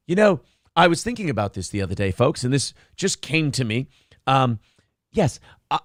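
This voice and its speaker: A man's voice: mid-range voice, sing-song, moderate pace, dry recording, studio quality. A man hosting a casual comedy podcast, riffing mock stand-up jokes and laughing often. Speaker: podcast host.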